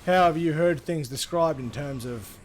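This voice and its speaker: A man's voice: on the high side, normal speed, a little hiss or hum. A young Australian man streaming a game, rambling and swearing casually as he answers chat between plays. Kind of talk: casual gaming livestream chat.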